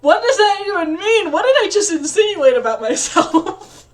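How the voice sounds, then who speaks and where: A woman's voice: very high-pitched, big pitch swings, normal speed. A young woman reading a visual novel aloud as a let's play, rambling and self-mocking with frequent laughs.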